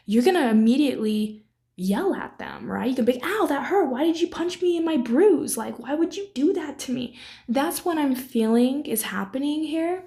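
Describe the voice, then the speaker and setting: Young woman tarot reader, casual and chatty, warm mellow tone, slightly high voice. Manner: chatty, many fillers, ends points with 'right?'. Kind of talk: casual tarot reading to camera.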